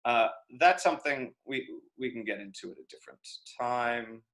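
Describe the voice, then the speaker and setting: Speaking at normal speed with medium pitch and a bit of brightness, a man runs a live online acting lecture Q&A. He responds to the chat casually and chattily, thinking aloud and peppering his answers with fillers and restarts.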